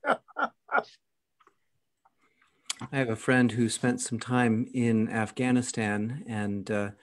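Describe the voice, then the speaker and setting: A man's voice: medium pitch, fairly even intonation, takes it slowly. A man who is a priest, chatting in a friendly, easygoing way on a video call and telling a short story. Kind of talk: casual video-call chat.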